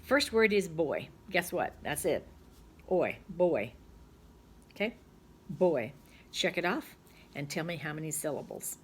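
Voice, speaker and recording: A middle-aged woman teacher giving a recorded phonics lesson, patient and chatty, thinking aloud and sounding words out slowly. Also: low voice, lively intonation, slight background noise.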